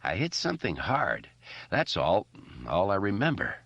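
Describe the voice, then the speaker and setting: A man reading the part of a sleepy, irritable young man who mutters slowly. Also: low voice, wildly swooping pitch, fairly bright tone, no room sound, highs cut off, full character voice. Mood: groggy.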